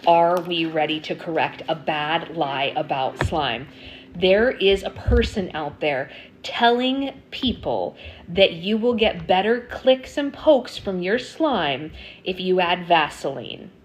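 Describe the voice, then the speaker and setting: This slime livestream host has a lowish, expressive voice and talks slowly as she chats casually and responds to viewers, often saying um. The audio quality is poor, with a little hiss or hum.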